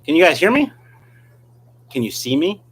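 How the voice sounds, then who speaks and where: A man's voice: on the high side, very animated, normal speed, fairly bright tone, slightly rough. A man hosting a casual live stream as a fish breeder, reading viewer comments aloud and answering them in a joking, rambling, self-mocking way.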